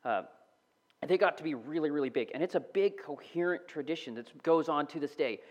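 A man giving a casual, animated sermon, sometimes dropping to a whisper. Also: fairly high pitch, brisk, muffled recording. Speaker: preacher. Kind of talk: conversational sermon.

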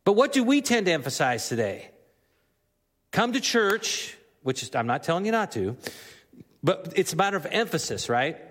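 Pastor guy preaching, pretty high voice, earnest and punchy, big echoey church hall. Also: big pitch swings, a little fast, fairly bright tone. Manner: earnest, building to emphatic preaching. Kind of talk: sermon. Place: church sanctuary.

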